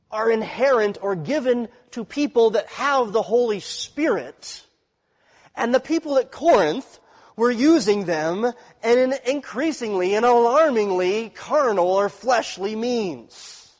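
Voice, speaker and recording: A man with a notably high voice preaches an expository sermon in a church sanctuary, and his voice trails off into a long reverb. He teaches as he goes and keeps checking that his listeners are following. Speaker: pastor.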